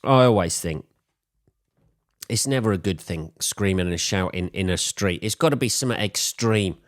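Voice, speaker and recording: A man's voice: sits low, moderate pace, no room sound, clean studio sound. A man hosting a solo podcast, telling a rambling, sweary, wry story in a casual chat. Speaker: podcast host.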